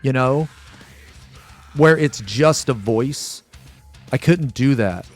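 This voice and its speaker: A man in his forties, a streamer chatting casually and rambling excitedly with lots of swearing. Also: medium pitch, slow pace, faint music behind. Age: 40s. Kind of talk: casual live-stream reaction chat.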